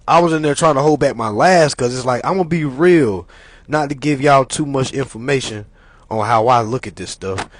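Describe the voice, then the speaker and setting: A man's voice: a little high, no room sound. A man hosting his own channel, telling a story in a casual monologue and acting out the other people in it. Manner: animated, acts out other people's voices. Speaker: channel host.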